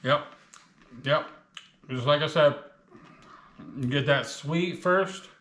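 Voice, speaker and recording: A man's voice: fairly high pitch, slow pace, fairly bright tone, roomy sound. A man casually reviewing spicy chips on his vlog, chatting with his mouth full while the heat burns. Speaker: food reviewer.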